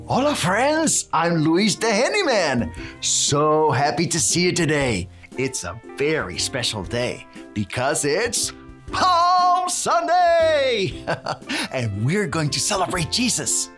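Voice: mid-range voice, wildly swooping pitch, slow pace, a bit bright, faint music behind, full character voice. A performer playing a cheerful handyman who tells a children's Bible story, adds Spanish words, and cheers the kids on. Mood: cheery. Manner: sprinkles in Spanish words, bouncy and encouraging.

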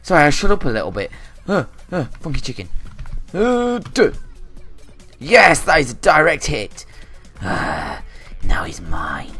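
A young man talks through his own game as he plays, his fairly low voice leaping up in excited yells and dropping to mumbled asides. Faint game music plays behind him on a home desk mic. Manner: excitable, swings between loud outbursts and muttering asides. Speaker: gaming channel host. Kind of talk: live gameplay commentary.

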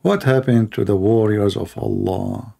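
A man's voice: fairly low pitch, a little slow, gravelly, dark tone. A man hosting a live call-in stream, mocking and repeating his phrases as he talks to callers and the audience.

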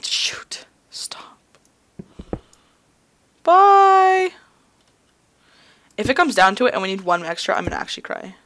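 A woman's voice: mid-range voice, racing, hardly any pauses, sharp tone. A young woman in her college years chatting and rambling to herself while hosting casual gameplay commentary. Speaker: gaming video host.

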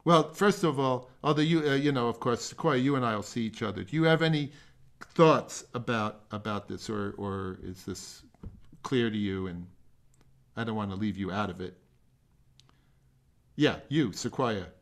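An older man leading a remote music masterclass over a video call, giving feedback in a halting, rambling way with self-deprecating jokes. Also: medium pitch.

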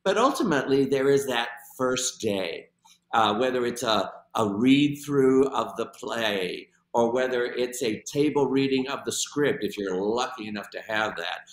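A man being interviewed as a director, answering in a measured, thoughtful way with some hesitant restarts. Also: mid-range voice, expressive. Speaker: guest, director. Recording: roomy echoey sound.

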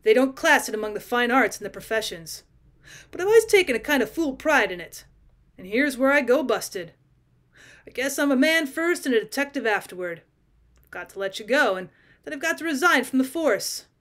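A woman reading as a quiet, thoughtful male detective. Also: high voice, big pitch swings, brisk. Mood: earnest.

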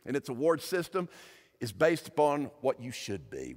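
Male pastor, slightly higher voice, emphatic sermon delivery, long hall reverb in a church. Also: huge pitch swings, moderate pace. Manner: emphatic preaching, rising and falling in loudness. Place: church sanctuary.

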